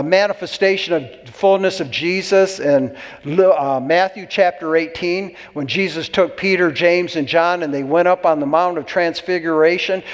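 A man preaching a sermon to a congregation, exuberant and whooping between points. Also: high-pitched. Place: church hall. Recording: long hall reverb.

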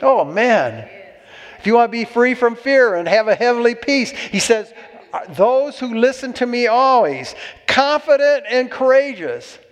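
A man's voice: very high-pitched, expressive, unhurried, in a large hall. A man preaching a sermon as pastor, exhorting and calling for amens from the congregation.

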